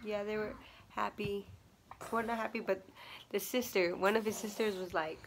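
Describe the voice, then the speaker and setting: A woman's voice: medium pitch, fairly even intonation, moderate pace, slight background noise. A young woman vlogging casually, chatty and full of fillers, acting out what people said. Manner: chatty, many fillers and laughs, acts out quotes. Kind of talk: casual storytime vlog.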